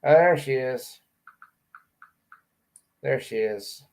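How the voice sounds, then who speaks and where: A man's voice: medium pitch, very slow, creaky, a little mellow. A man hosting a livestream in a small room, casually reading out viewer comments and joking around. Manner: joking, chatty, often laughing. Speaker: livestream host. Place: small hot room indoors.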